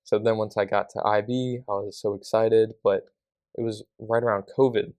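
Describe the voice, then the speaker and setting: Earnest young man, lower voice. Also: flat delivery, moderate pace, a little mellow, no echo. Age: young adult. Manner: earnest, with lots of "like" fillers. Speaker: podcast guest. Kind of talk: casual interview answers.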